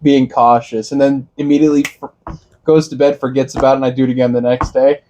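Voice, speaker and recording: A man's voice: medium pitch, flat delivery, quick pace, dark tone. A man co-hosting a podcast who tells stories animatedly, laughs a lot and swears. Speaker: podcast co-host. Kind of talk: casual chat.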